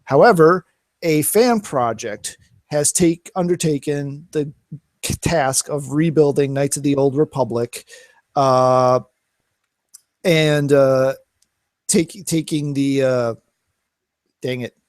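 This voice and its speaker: A man's voice: on the high side, takes it slowly, pauses often, a little mellow, dry recording. A man co-hosting a gaming podcast, chatting casually with lots of fillers and restarts. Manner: rambling, many fillers and restarts. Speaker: podcast co-host.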